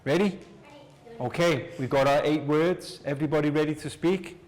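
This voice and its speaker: A man teaching a class, leading slow repeat-after-me drills in a clear, encouraging way. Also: fairly high pitch, darkish tone. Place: classroom with students.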